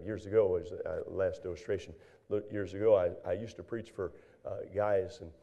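An older man preaching a sermon, telling folksy stories in an animated way, with many fillers and acted-out dialogue. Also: on the low side, normal speed, creaky, dull audio. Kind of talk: sermon with storytelling.

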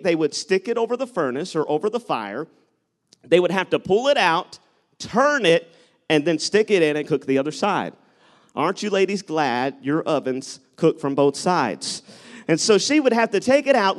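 A man preaching a sermon, telling stories and rising into loud exhortation. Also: high-pitched. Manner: animated, shifts between storytelling and loud exhortation. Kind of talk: sermon with live object lesson.

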